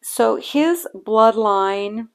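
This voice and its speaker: A woman hosting a bible-reading podcast, talking in a halting, earnest way with many fillers and restarts. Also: fairly high pitch, animated. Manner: earnest and reflective. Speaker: podcast host reading scripture.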